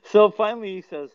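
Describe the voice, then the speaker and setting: A man's voice: high-pitched, a little mellow, no echo, highs cut off. Man, podcast host, casual rambling storyteller, chuckles while talking, dry close sound. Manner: rambling, chuckles often mid-sentence.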